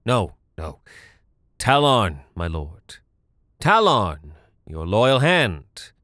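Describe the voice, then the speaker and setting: A man's voice: lowish voice, very animated, drawn-out words, no room sound, studio quality, exaggerated voice. A man voicing a sly, sneering bard schemer. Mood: urging. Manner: forceful, persuasive, sneering. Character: scheming, lying male bard leader.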